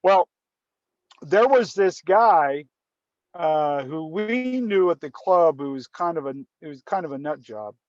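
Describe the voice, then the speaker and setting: Man with a high voice, rambling anecdote, dry dull-sounding recording. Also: expressive, unhurried, a little mellow, no room sound. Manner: rambling, repeats and restarts words. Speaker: guest storyteller. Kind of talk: casual storytelling.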